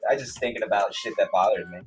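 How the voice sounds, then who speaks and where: A man's voice: on the low side, fast talker, faint music behind. A man on a casual livestream, ranting in a heated, profane, rambling way with many restarts. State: angry, then calming down. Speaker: streamer, self-published author.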